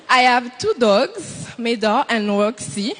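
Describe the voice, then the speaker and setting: A woman introducing herself in halting English on a pageant stage. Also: fairly high pitch, sing-song, a bit bright, poor audio. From Martinique. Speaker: pageant contestant.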